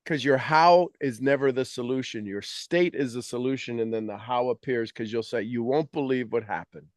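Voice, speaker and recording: A man talking as a mentor, coaching his audience in an animated, teasing way and acting out their complaints in quoted voices. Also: medium pitch, normal speed, no echo, studio quality. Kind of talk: motivational coaching talk.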